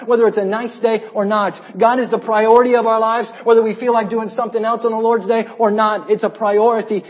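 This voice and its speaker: A man with a notably high voice preaches with fervent urgency, stacking phrase upon phrase as he drives each point home. The sound is dull and lo-fi, like an old church sermon recording. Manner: impassioned preaching with repeated building phrases. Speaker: pastor.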